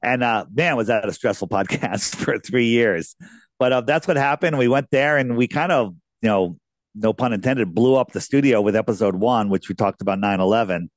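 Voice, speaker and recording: A man's voice: fairly low pitch, moderate pace, no echo, studio quality. A man being interviewed as a guest, telling casual, rambling anecdotes with lots of restarts.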